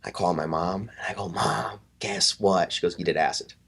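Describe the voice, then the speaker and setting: A man in his thirties with a very deep voice tells a story on a podcast. He talks casually and swears freely. He acts out what other people said. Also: normal speed, gravelly, breathy edge. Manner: animated, swears often, acts out quotes. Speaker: podcast guest, fitness coach.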